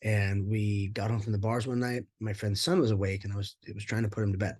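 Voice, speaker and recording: A former pro fighter, interviewed about his life story, talks candidly and ramblingly with many fillers and casual swearing. His voice is fairly low and steady, a little mellow and quick-paced, with no echo.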